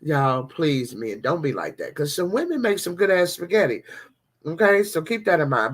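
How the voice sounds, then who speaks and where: A woman's voice: low voice, very animated, moderate pace, husky. A woman hosting a casual devotional vlog, chatting animatedly and talking straight to her viewers.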